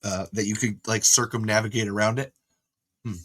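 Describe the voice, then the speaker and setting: A man hosting a casual livestream, rambling excitably and often trailing off and restarting. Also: fairly low pitch, brisk. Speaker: host. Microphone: camera mic on a livestream.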